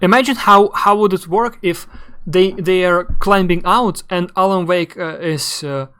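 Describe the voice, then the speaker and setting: Brief: young male streamer, fairly high and smooth voice, rambling and halting. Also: sharp tone. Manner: rambling, halting, searching for words. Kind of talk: casual live game commentary.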